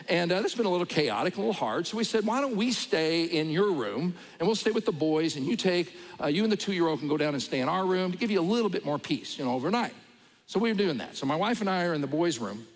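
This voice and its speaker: A middle-aged man preaches a sermon through a personal story, acting out each voice as he goes. His voice sits high and leaps about with lively swings. A long hall reverb trails behind every phrase. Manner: animated storyteller, acts out voices. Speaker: pastor.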